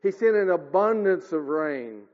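A man's voice: lively intonation, unhurried. A man preaching a sermon in an earnest way, often calling his listeners dear ones and swinging his voice up and down. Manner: earnest, addresses listeners as dear ones, rises and drops in pitch. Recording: lo-fi with long hall reverb.

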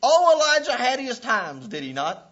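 A man preaching a sermon with passion, often breaking into shouts and laughs. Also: extremely high pitch, sing-song, normal speed. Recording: dull lo-fi recording.

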